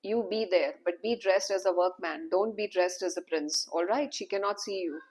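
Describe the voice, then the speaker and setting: A woman's voice: fairly low pitch, normal speed, a little mellow, a little hiss or hum, lightly acted, rough recording. A woman doing a cautious motherly queen.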